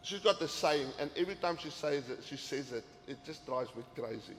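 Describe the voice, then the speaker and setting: A man's voice: a little high, animated, a little fast, slight background noise. A man giving an earnest sermon-style talk to men, often repeating words as he pushes a point. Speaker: men's ministry teacher. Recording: echoey hall with faint ambience.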